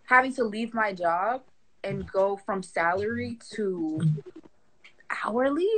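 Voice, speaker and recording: A woman in her twenties, a guest in a casual chat, talking in an animated, slangy way and laughing often. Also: medium pitch, slow, slight background noise, poor audio. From Haitian family.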